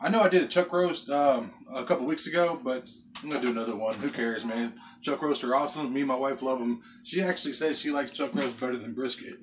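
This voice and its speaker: A man with a mid-range voice talks fast over a noisy background, hosting a casual, folksy barbecue vlog outdoors by his smoker. He chats with his viewers, calling them folks and y'all, while coughing from the pepper rub.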